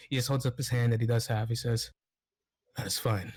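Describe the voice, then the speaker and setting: Male game master, halting narration with fillers, on a voice call. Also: mid-range voice, steady tone, mellow. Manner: halting, many fillers, laughs often.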